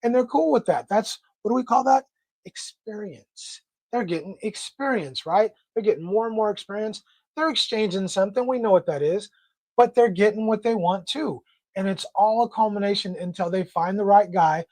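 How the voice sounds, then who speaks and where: A man hosting a casual livestream discussion, talking in a blunt, slangy, animated way. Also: sits high, normal speed, no room sound. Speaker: livestream host.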